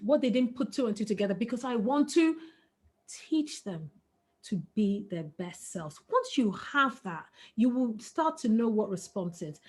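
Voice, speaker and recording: A middle-aged woman, a webinar guest speaker, giving parenting advice in an earnest, emphatic way. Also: a little high. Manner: earnest, emphatic, breaks into laughter.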